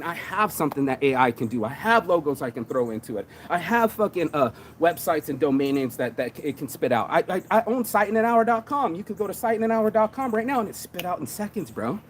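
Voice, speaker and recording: A man's voice: on the high side, a little hiss or hum. Fired-up profane man ranting about hustle. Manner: profane, energetic, says "bro" a lot. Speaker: motivational show host. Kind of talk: fired-up casual motivational rant.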